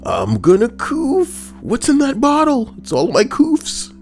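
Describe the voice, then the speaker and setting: A man voicing a frantic, shrieking quarantined person in a squealing comic falsetto. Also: wildly swooping pitch, slow pace, faint music behind, full character voice. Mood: manic.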